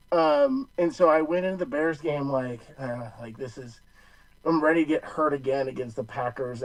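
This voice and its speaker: A young man from the Chicago area chats about sports on a podcast, rambling and restarting his sentences. His voice is fairly high. The recording is close and dry. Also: no room sound, recorded from a distance, low-quality recording. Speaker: podcast co-host. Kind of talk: casual sports chat.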